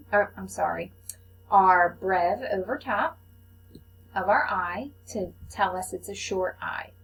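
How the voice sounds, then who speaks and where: A woman teaches phonics to young children at an unhurried pace, sounding out each letter and syllable with patient, careful enunciation. Her voice sits at a middle pitch, and the rough recording has slight background noise.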